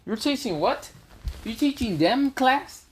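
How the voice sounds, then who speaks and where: A man's voice: very animated, normal speed, noisy background. A man voicing a frustrated grown male ninja leader who whines in a raised voice. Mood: exasperated. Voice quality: high, whining complaints.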